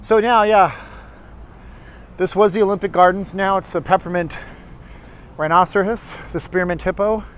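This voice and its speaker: A man's voice: sits high, steady tone, moderate pace, pauses often, slight background noise. A man hosting a casual walking livestream outdoors, rambling and chatting with his viewers. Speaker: livestream host. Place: outdoors on a city street, walking.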